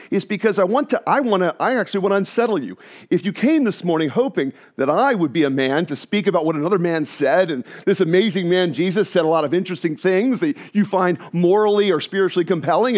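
A man preaching a sermon in an animated way, often restarting and repeating his words. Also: sits high. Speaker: pastor.

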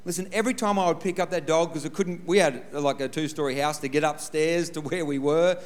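Male preacher, slightly high voice, chatty storytelling sermon with humor. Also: brisk. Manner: conversational, tells a personal story with humor, often says "listen". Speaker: pastor.

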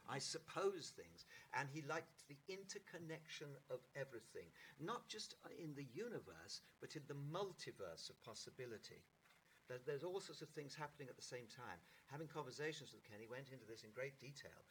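A middle-aged actor telling anecdotes in an interview, in a lively raconteur's manner with halting restarts. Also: male voice, medium pitch, slight background noise. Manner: animated raconteur, mimics voices, halting restarts. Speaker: actor guest.

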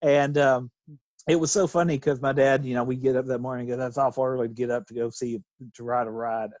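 A man's voice: mid-range voice, level tone, fast, darkish tone, no echo. A middle-aged man from Kentucky telling a family story in casual chat, rambling and laughing as he goes. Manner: rambling, restarts and laughs while telling stories.

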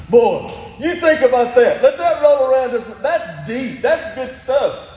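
A male pastor preaching with a strikingly high voice. His sermon rings through an echoey church hall with a long reverb tail, and he builds to loud emphatic peaks as he quotes scripture. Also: sing-song, takes it slowly. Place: church sanctuary.

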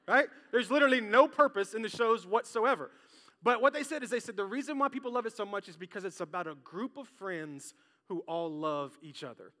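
High, bright-voiced preacher. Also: male voice. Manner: lively, jokey, talks straight to the crowd. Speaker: pastor. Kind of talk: sermon. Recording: long hall reverb.

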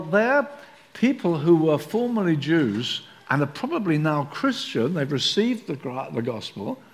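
A man preaching a sermon in a lively way, acting out the voices of people in his story. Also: high-pitched.

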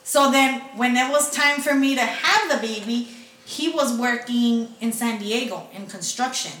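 A woman's voice: on the high side, measured pace, fairly bright tone, far from the mic. A young woman telling a personal story to friends, swearing often and slipping between English and Spanish. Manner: profane, mixes English and Spanish. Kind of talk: casual storytelling among friends. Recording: echoey room, off-mic, faint noise.

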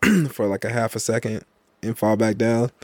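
A man in casual podcast chat, laid-back and wry, often hesitating as he builds his point. His voice is low. The recording is dry and close to the mic. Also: normal speed, no echo. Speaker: podcast co-host.

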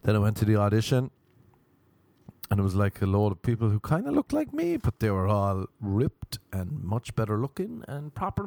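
Animated Irish man telling stories. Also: fairly low pitch, normal speed, vocal fry, no echo. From Ireland. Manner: animated, acts out voices in quotes. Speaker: comedian. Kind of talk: stand-up storytelling.

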